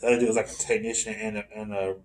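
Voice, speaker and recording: A man co-hosting a casual wrestling podcast, chiming in haltingly with many restarts. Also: lowish voice, level tone, a little mellow. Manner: hesitant, halting, lots of restarts. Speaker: podcast co-host. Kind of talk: casual wrestling review chat.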